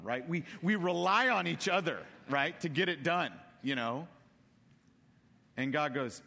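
Animated preacher in a reverberant hall. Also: male voice, a little high, unhurried, creaky. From Texas. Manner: animated storytelling, acts out characters with voices. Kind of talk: casual sermon.

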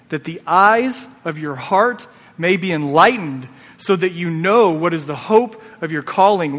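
A man preaching a sermon to a congregation, conversational and animated, with asides to the listeners. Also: a little high. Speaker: pastor. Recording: long hall reverb.

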